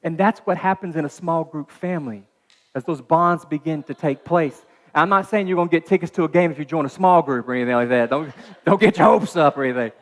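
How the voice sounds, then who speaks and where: A man preaching as a pastor in a dark church auditorium, telling a personal story in a chatty, animated way with many asides and restarts. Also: on the high side, fairly quick, in a large hall. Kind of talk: sermon.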